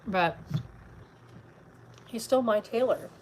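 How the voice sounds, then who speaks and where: A woman's voice: a little high, slow, a little mellow, a little hiss or hum, rough recording. A middle-aged woman vlogging in a casual, rambling chat, tired and full of fillers, talking from a car.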